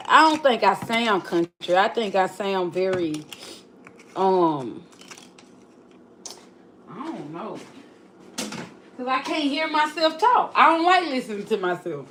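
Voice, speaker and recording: Slow-talking woman with a regional accent. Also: on the high side, fairly bright tone, a little hiss or hum. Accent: non-local regional accent. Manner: reflective, repeats and restarts phrases. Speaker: livestream host. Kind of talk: casual livestream chat.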